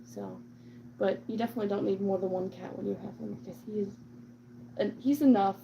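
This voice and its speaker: A woman's voice: medium pitch, fairly even intonation, brisk, gravelly, dull audio, background noise. A woman vlogging casually about her cat, rambling with lots of "like" and "um", and slipping into cooing baby talk with the cat. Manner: chatty, rambling, full of "like" and "um". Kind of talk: casual chat to camera.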